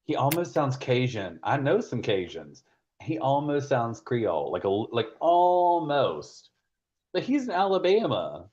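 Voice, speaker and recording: A man's voice: medium pitch, big pitch swings, measured pace, a little mellow. A man from Georgia with a Southern accent, chatting casually and bluntly on a live stream, rambling with plenty of fillers and profanity. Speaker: stream host. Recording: dull lo-fi audio.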